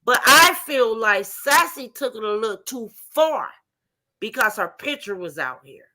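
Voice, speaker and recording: A woman's voice: a little high, lively intonation, a little slow, pushed and bright. A woman arguing passionately and profanely in a heated live stream debate, calling in remotely.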